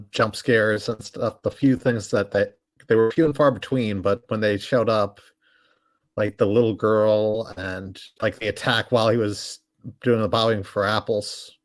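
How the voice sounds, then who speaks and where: A man chatting casually as a guest reviewer, relaxed and hedging with fillers. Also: fairly low pitch, measured pace. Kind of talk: casual movie review chat.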